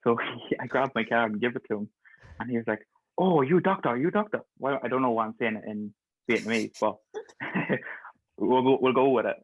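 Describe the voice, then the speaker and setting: A man's voice: mid-range voice, steady tone, a little fast, dry recording. A young man in his twenties, a guest, telling stories in a chatty way and laughing through them. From Ireland. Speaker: guest, pharmacist. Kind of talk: casual storytelling. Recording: thin phone-like call audio.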